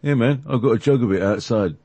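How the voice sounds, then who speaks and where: Guy putting on a chill hippie dude, drawling slang, husky and kinda low. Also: normal speed, a little mellow, no room sound. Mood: mellow. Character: laid-back male hippie driver from the sixties.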